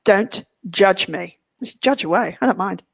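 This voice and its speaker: A middle-aged woman from England giving a webinar talk, theatrical and self-mocking, with big swings in pitch. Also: measured pace, vocal fry, husky, dry recording. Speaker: webinar speaker. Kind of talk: lively presentation.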